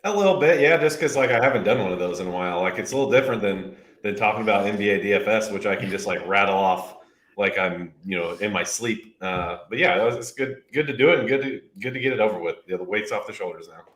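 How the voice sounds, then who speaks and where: A man chatting as a fantasy sports analyst on a stream, relaxed and chatty. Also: fairly low pitch, fast. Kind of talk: casual stream chat. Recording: echoey room.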